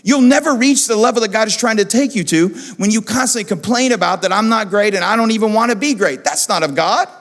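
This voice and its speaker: A man preaching as pastor, animated and repeating phrases for emphasis, in a church auditorium. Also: high voice, fast talker, hardly any pauses. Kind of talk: sermon. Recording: long church hall reverb.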